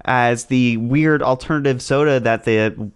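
A man's voice: mid-range voice, measured pace, smooth. A man co-hosting a casual chat, who swears freely and laughs while explaining at length.

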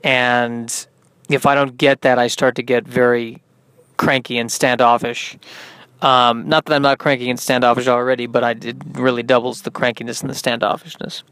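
Tired man, solo podcast host, rambling and self-mocking, smooth voice, dry close sound. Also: mid-range voice, little pitch movement, moderate pace, fairly bright tone, no echo. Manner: rambling, self-deprecating, sleepy musing. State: tired, yawning.

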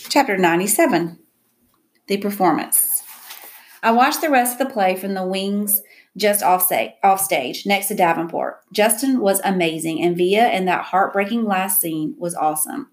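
A woman reading a first-person novel aloud in an even, reflective way. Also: medium pitch, moderate pace. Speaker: audiobook narrator.

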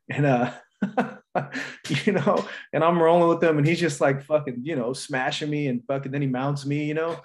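A man co-hosting a casual podcast, telling stories in a profane, animated way. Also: fairly high pitch, moderate pace. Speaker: podcast co-host.

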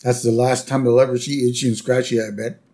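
A man's voice: mid-range voice, a little fast, noisy background. A man co-hosting a podcast, casually recapping a cartoon episode and reacting with animation. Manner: animated, reacts and acts out quotes. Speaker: podcast co-host.

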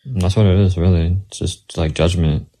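Deep, laid-back casual man. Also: fairly even intonation, moderate pace, warm tone. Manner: laid-back, many fillers like "like". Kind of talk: casual chat.

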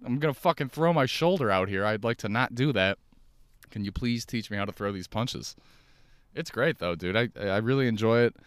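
A young man hosting his own podcast, rambling through profane, animated stories while sitting in his car. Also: fairly low pitch, normal speed, clear, resonant tone, no room sound. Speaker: podcast host and stand-up comic. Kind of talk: casual solo podcast monologue. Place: inside a car.

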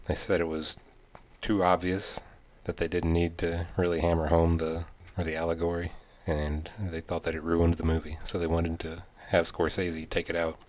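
Deep-voiced laid-back man. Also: flat delivery, moderate pace, a little mellow. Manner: laid-back, mostly short agreeing replies, reads out news items. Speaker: podcast co-host. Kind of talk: casual chat.

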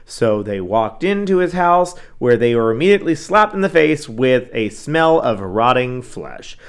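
A man's voice: mid-range voice, big pitch swings, measured pace, clean tone. A man co-hosting a casual true-crime chat, talking loosely with many fillers and asides. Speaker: podcast co-host.

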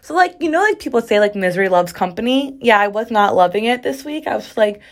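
A woman's voice: a little high, animated, fast talker. Chatty young woman ranting casually. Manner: chatty, sassy, frequent "like" fillers. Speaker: podcast host. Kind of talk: casual solo podcast chat.

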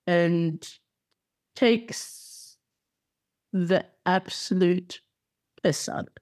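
A woman's voice: lowish voice, extremely slow, a little mellow. A woman co-hosting a podcast, chatting casually and enthusiastically about television with playful asides. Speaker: podcast co-host. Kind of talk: casual chat.

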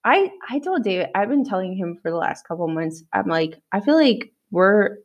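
A woman in her thirties co-hosts a podcast in a casual, chatty way. Her voice sits at a middle pitch, and she laughs easily between thoughts. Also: big pitch swings, normal speed, highs cut off. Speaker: podcast co-host. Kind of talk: casual chat.

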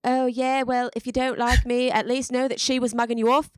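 A woman's voice: on the high side, level tone, fairly quick, clear, resonant tone, dry recording, studio quality, pitched above the performer's own voice, natural voice. A woman voicing a catty young British woman from a reality show, with a put-on British accent and sing-song mimicry.

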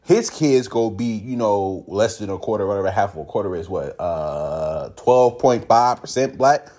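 Animated man, low-pitched, Californian. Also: normal speed. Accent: Californian English. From United States. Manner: animated, mimics other people's reactions in quoted voices. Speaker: podcast host. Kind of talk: casual solo commentary.

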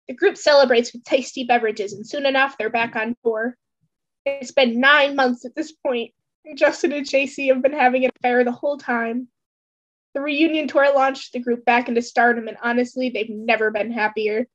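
A woman's voice: sits high, fairly even intonation, moderate pace, fairly bright tone, dull audio. A woman host giving a dramatic, theatrical reading of fan fiction. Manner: theatrical storytelling.

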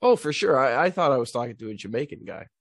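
A man's voice: mid-range voice, animated, fast talker, gravelly, no room sound. Amused, teasing man in dry audio. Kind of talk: casual chat.

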